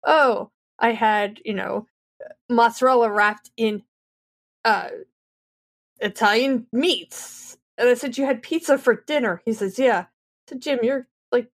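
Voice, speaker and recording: A woman in her thirties on a casual podcast, telling a story with lively back-and-forth dialogue. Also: fairly high pitch, measured pace. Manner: animated storyteller, acts out both sides of dialogue. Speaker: podcast co-host.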